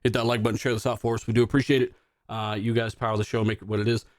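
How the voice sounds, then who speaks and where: Fast-talking, profane podcast host. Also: male voice, on the low side, little pitch movement, no echo, clean studio sound. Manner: loose, profane, rambling with fillers. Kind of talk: casual live-stream chat.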